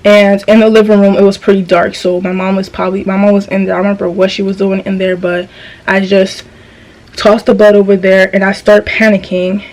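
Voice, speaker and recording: A woman's voice: mid-range voice, little pitch movement, fairly quick, a little mellow, poor audio. Chatty young woman telling a story. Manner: chatty, slangy and profane, with frequent restarts. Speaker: vlogger. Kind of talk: casual storytime monologue.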